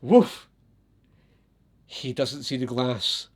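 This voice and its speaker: A Scottish man chatting to camera in a loose, storytelling way. He is animated, breaks into laughter often and swears without a second thought, at a mid-range pitch. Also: very slow, slightly rough. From Scotland. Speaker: vlogger.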